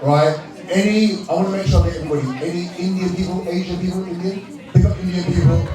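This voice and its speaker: British male emcee, somewhat high voice, playful crowd banter; heard from off-mic in a boomy hall. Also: fairly even intonation, quick pace, music in the background. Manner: joking, laughing, shouting out to the crowd. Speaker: awards night host. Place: large indoor event hall with a live crowd. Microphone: handheld microphone. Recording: echoey hall, distant mic, crowd noise.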